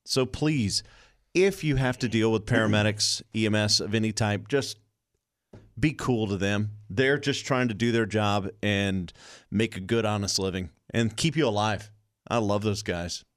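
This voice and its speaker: A man, co-hosting a casual podcast and speaking earnestly with halting restarts. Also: fairly low pitch, no room sound, clean studio sound. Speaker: podcast co-host.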